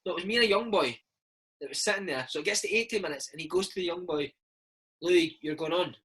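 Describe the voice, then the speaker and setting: A Scottish man in his thirties, a former footballer, telling animated stories in a casual interview and slipping into impressions. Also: high voice, racing, breathy edge, low-quality recording. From Scotland. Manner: animated storyteller, slips into impressions of his old coach.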